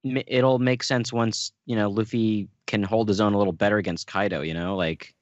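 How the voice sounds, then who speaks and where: A man on a podcast panel, talking in a halting way with many restarts. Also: on the low side, steady tone, no room sound. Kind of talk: casual podcast chat. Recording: dry, dull lo-fi mic.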